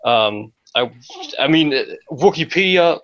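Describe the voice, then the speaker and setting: A man on a podcast panel, chatting casually and thoughtfully with many fillers and pauses. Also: a little high, lively intonation, a bit bright, no room sound. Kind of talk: casual chat. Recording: dull dry sound.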